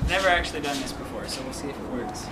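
A man talks through a casual demonstration outdoors in an easy, instructive way. His voice sits at a middle pitch, with a roomy echo around it and a clear wash of background noise. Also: expressive, rapid-fire. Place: outdoors on cement.

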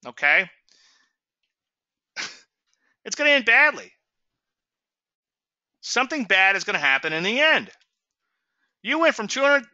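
A man's voice: high voice, sharp tone, dry recording, muffled recording. A man hosting a trading webinar, teaching in an emphatic, folksy way and often asking "okay?" and "so what?". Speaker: trading show host.

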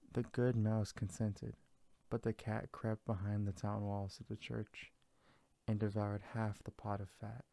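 A man reads a fairy tale aloud at a steady, unhurried pace. His voice is low and gravelly, with a flat, even contour. The sound is dry and close. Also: no room sound. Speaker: narrator.

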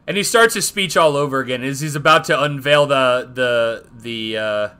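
A man's voice: medium pitch, moderate pace, sharp tone, clear, resonant tone. A man co-hosting a comedy podcast, telling a made-up story with fillers and chuckles. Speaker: podcast co-host.

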